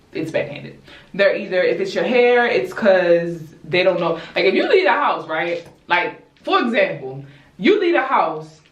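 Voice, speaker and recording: A young woman from Baltimore chatting casually with viewers while she does her hair, animated and blunt, calling them y'all and swearing freely. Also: lowish voice, highs cut off. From Baltimore, USA. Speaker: YouTuber. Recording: roomy echo, distant mic.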